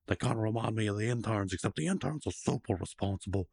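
A man's voice: fairly low pitch, quick pace, gravelly, hardly any pauses, darkish tone, dry recording, studio quality. A man casually recapping a cartoon episode as a podcast co-host, rambling and joking and acting out the characters' lines.

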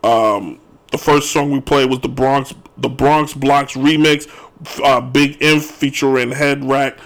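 Gravelly, joking sports radio host. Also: male voice, medium pitch, takes it slowly. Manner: animated, joking, ranting opinions. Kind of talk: sports talk radio commentary.

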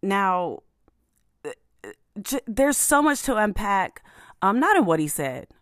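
A woman's voice: mid-range voice, sing-song, slow, fairly bright tone, dry recording, studio quality. A woman hosting a show, talking through the news in a casual, emphatic way with many fillers and restarts. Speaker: podcast host. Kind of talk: casual commentary monologue.

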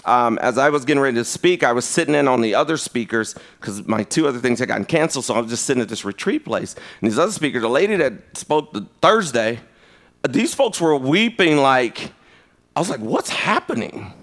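A man preaching a conversational sermon. He tells stories in an animated way, and his pitch jumps sharply. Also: fairly quick.

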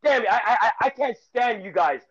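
A man co-hosting a casual sports podcast, ranting excitedly and rambling with repeated phrases. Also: extremely high pitch, brisk, slightly rough, lo-fi sound.

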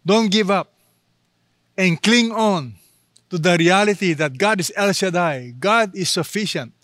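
A man preaching a sermon, slow and emphatic, with dramatic pauses between phrases. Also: fairly high pitch, a bit bright, no echo. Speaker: pastor.

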